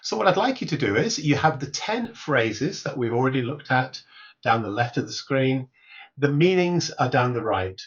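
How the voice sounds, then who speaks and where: A man teaching workplace English, explaining each phrase clearly and repeating the examples slowly. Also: mid-range voice, big pitch swings, highs cut off. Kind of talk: recorded English lesson.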